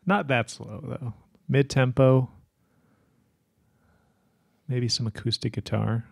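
Gravelly, curious male podcast co-host. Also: medium pitch, fairly even intonation, takes it slowly, dry recording, studio quality. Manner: curious, asks lots of questions. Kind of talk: casual chat.

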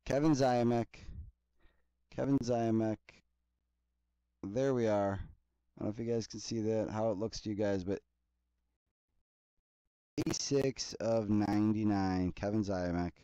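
A man hosting a card break, reading player names in a steady list between casual chatty asides. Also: on the low side, measured pace, long pauses, smooth, no echo, rough recording. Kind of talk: casual running commentary while opening card packs.

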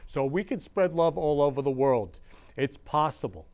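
A man's voice: on the high side, lively intonation, moderate pace, darkish tone. A man hosting his own show, talking casually and gushing with repeated declarations of love. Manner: gushing, repetitive and emotional. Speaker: show host. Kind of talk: casual live-stream talk.

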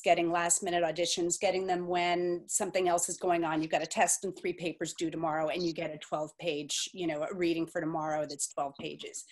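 A woman moderating an online info session, reading out questions and giving frank, practical advice in a chatty way. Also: on the low side.

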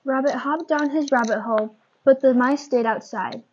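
Young woman, higher-pitched storybook reader, expressive, muffled lo-fi audio. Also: moderate pace, slight background noise. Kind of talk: reading a picture book aloud. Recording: dull lo-fi recording.

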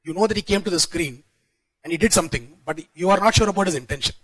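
A middle-aged man pitches an idea at a tech conference. His voice is hoarse from a sore throat, yet it stays bright and fairly high, and he speaks very fast. He often asks "right?" to check in and restarts his sentences. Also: no room sound, rough recording. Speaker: startup founder giving a conference talk. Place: conference hall.

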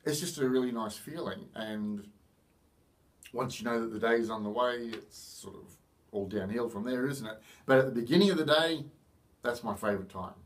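A man's voice: mid-range voice, moderate pace. A middle-aged Australian man talking casually to camera in a rambling, chatty way with self-mocking humour. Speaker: vlogger. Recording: voice a bit far from the mic.

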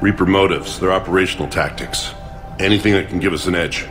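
Guy doing a very deep-voiced older scientist in a game cutscene, earnest and measured, some music behind. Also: lightly acted. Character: older male scientist leading a research task force. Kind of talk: video game dialogue.

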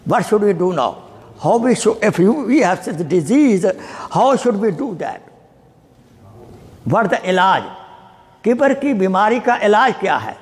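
Preacher guy, fired-up sermon, keeps asking the crowd questions, pitch jumping all over. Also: big pitch swings, brisk, in a large hall. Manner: emphatic, rhetorical questions to the audience. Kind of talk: Friday sermon. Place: mosque hall.

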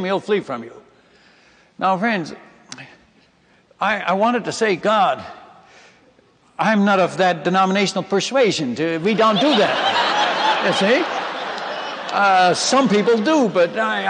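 Male preacher, high-ish voice, dramatic sermon storytelling, big hall reverb. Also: fairly bright tone. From Netherlands. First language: Dutch. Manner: emphatic, dramatic retelling that addresses the audience as friends and folks. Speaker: missionary preacher.

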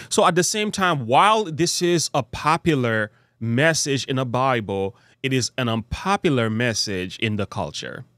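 A man preaching a Bible study sermon. He prays and reads scripture aloud, stressing key words in a measured way. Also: medium pitch, fairly bright tone, dry recording, studio quality.

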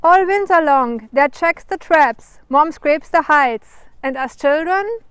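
A woman from Germany with a German accent, reading her picture book aloud in a gentle, careful way, trying out Cree words. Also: high voice, lively intonation, takes it slowly, dry recording. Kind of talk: storybook reading.

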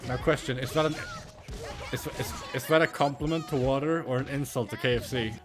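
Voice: mid-range voice, fairly quick. A young adult streamer giving casual commentary during a match, joking, laughing at their own jokes and swearing freely. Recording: game music playing behind.

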